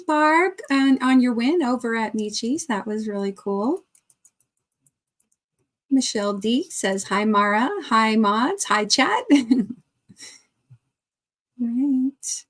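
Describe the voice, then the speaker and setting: Chatty woman host, fairly high voice, greets viewers by name, laughs easily. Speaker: crochet livestream host. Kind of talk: casual livestream chat reading viewer comments.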